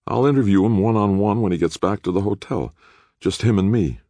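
A man's voice: on the low side, fairly quick, dark tone, dry recording, pitched above the performer's own voice, natural voice. A man voicing a frustrated young male reporter who talks insistently and grumbles. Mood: irked, pressing.

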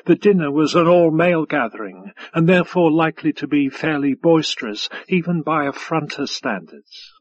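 Brief: male narrator, husky and slightly high, steady audiobook read. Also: no room sound, dull audio. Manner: measured, even storytelling. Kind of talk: scripted narration.

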